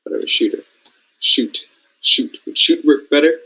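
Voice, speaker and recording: A man's voice: on the high side, moderate pace, vocal fry, sharp tone, rough recording. A young man from Canada teaching a casual coding lesson, thinking aloud and often checking that his listeners follow. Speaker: robotics programming mentor. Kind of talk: screen-share coding lesson.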